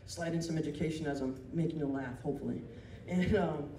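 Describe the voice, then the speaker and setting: A man doing live stand-up, telling a story in a rambling, animated way. He often laughs as he talks and breaks off into asides and restarts. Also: fairly high pitch, a little fast, distant mic. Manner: self-interrupting with restarts and asides. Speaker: stand-up comedian. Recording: roomy venue taped from afar. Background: audience laughter and room noise.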